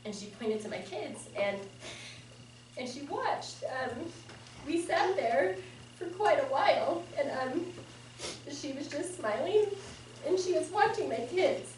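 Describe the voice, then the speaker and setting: A woman sharing memories at a memorial service, speaking haltingly with fillers and laughs. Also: sits high, animated. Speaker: family member giving a eulogy. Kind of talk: personal memorial speech. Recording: echoey, distant and noisy.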